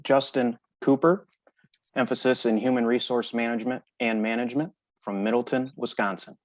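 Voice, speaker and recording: A man presenting graduates at a ceremony, reading each name slowly and deliberately. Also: mid-range voice, steady tone, no echo. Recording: dry, slightly dull sound.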